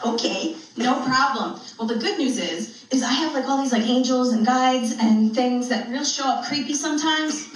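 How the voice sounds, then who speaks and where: A woman's voice: high voice, a bit bright. A woman telling a funny spiritual story in a chatty style, laughing often between lines. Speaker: spiritual speaker. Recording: very echoey room, distant mic.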